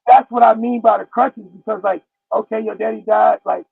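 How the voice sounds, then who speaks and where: Gravelly high-voiced man on a tinny line. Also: steady tone, brisk, hardly any pauses, no echo, faint music behind. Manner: blunt street talk, acts out voices in stories. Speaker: podcast guest. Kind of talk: casual chat. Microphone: no headphones, sounds like phone or distant mic.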